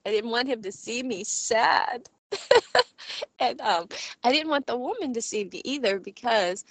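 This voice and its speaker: A woman in her forties giving a personal faith testimony, earnest and halting as she searches for words, often laughing as she talks. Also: fairly high pitch, animated, dry recording. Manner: often breaks into laughter while speaking. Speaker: Christian speaker sharing a testimony.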